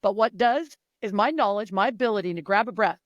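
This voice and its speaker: A woman's voice: medium pitch, brisk, dry recording, muffled recording. A middle-aged woman coach talking in a casual interview, emphatic and blunt, swearing freely. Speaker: mental performance coach.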